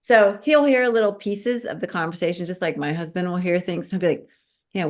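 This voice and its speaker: A woman's voice: lowish voice, brisk. A woman telling a story in a casual podcast chat, acting out the voices of the people she quotes. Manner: animated storyteller, acts out quoted speech.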